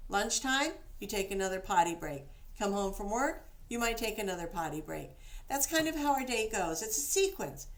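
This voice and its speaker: A woman's voice: medium pitch, expressive, normal speed. A woman dog trainer giving casual, practical instructions, now and then acting out the praise she gives a dog.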